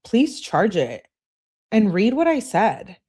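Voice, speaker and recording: A woman's voice: mid-range voice, very animated, slow pace, darkish tone, breathy edge, pitched above the performer's own voice, full character voice. A woman reading aloud as an upset teenage girl, clingy and indignant, complaining in an exasperated way. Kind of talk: reading text messages aloud.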